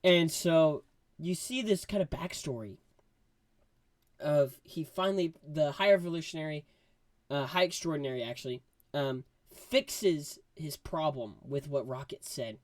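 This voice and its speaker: A man giving a casual movie review, rambling and excitable, full of fillers. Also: fairly high pitch, a little slow, dry recording.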